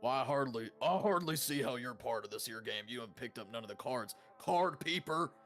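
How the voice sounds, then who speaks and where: A man voicing a huge gruff male cowboy bandit with a slow, menacing drawl. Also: medium pitch, lively intonation, a bit bright, faint music behind, lightly acted.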